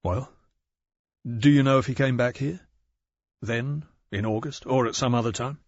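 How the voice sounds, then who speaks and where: Man reading a calm detective, direct, husky voice, audiobook, dull recording. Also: mid-range voice, moderate pace, no echo, natural voice. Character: calm methodical male police detective. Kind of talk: audiobook character voice.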